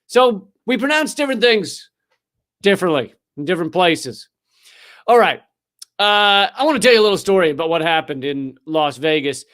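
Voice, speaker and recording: A man's voice: high-pitched, a bit bright. A man hosting a livestream, ranting with sarcastic, profane commentary and frequent fillers. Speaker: livestream host.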